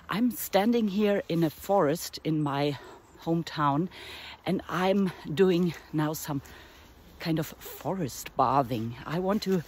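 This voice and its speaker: A woman's voice: lowish voice, a little mellow, breathy edge. A woman from northern Germany with a German accent speaks English, her second language, in an earnest, reflective way. She searches for words while walking uphill outdoors and is slightly out of breath. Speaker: artist and art teacher. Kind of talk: casual vlog monologue.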